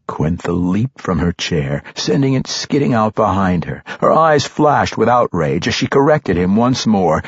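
A male narrator reads a fantasy audiobook slowly and expressively, with a lively, rising and falling delivery. His lowish voice is very husky. The recording is dry and dull, with a lo-fi sound. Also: no room sound. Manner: measured, expressive storytelling.

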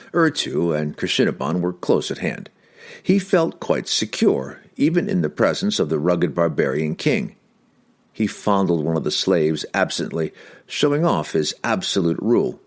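A man reading a fantasy novel aloud as an audiobook narrator, in a dramatic, expressive way. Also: sits low, normal speed, slightly rough.

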